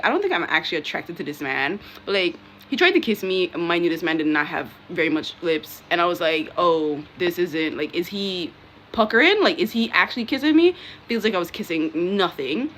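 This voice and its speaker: Lively young woman telling a storytime. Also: medium pitch, a little hiss or hum. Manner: animated, swearing, laughing through the story. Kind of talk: casual storytime.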